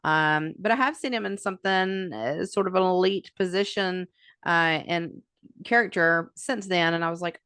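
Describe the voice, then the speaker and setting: Chatty woman podcast co-host, smooth voice. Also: on the low side, normal speed, a bit bright, dry recording, studio quality. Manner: chatty, thinks aloud with many fillers. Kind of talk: casual chat.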